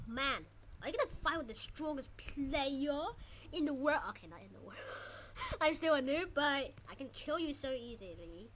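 A woman giving casual gameplay commentary as a channel host, excitable and trash-talking her opponents. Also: high-pitched, moderate pace.

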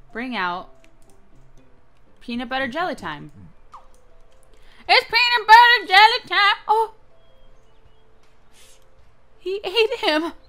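A young woman hosting a gaming channel, giving excitable, playful let's-play commentary with frequent squeals and giggles. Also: on the high side.

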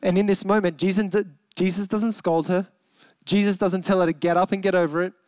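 A young adult man with an Australian accent, preaching a sermon in an earnest, emphatic way, slowing and softening on key words. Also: sits high, fairly even intonation, clean tone, no echo. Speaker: pastor.

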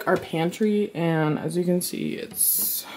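A woman's voice: on the low side, steady tone, slow pace, darkish tone, slight background noise. A young woman vlogging at home in a casual, chatty way. She talks bluntly, swears freely and says "y'all". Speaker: lifestyle vlogger. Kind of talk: casual vlog chat. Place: at home indoors. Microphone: compact camera held close.

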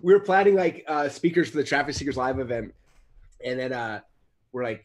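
A man's voice: medium pitch, lively intonation, fairly quick. A man being interviewed as a guest, talking in a laid-back, joking way. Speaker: guest, author and entrepreneur. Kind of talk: casual interview chat.

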